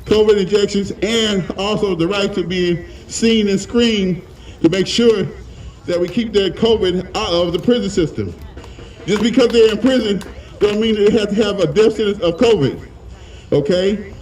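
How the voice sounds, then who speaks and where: A man's voice: high voice, normal speed, darkish tone, low-quality recording. A man giving a fiery, plain-spoken speech at an outdoor protest rally, a little out of breath. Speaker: union leader and rally speaker.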